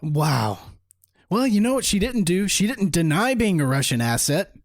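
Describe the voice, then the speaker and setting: A man's voice: high-pitched, very animated, moderate pace, no room sound, clean studio sound. A man hosting a solo political podcast, talking in an indignant, mocking way and laughing at his own points. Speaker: podcast host.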